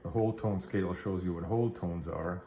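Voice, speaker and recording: A man's voice: low-pitched, fairly quick, warm tone, roomy sound, a little hiss or hum. A man teaching a guitar theory lesson, explaining patiently step by step and checking in with the listener. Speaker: music teacher.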